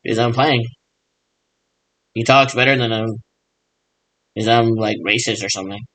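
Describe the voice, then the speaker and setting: A man with a voice of ordinary middle pitch rambles on his own. He mimics radio check chatter and keeps answering himself in a loose, repetitive back-and-forth. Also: fairly even intonation, normal speed, fairly bright tone, no echo, low-quality recording. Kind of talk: rambling improvised monologue.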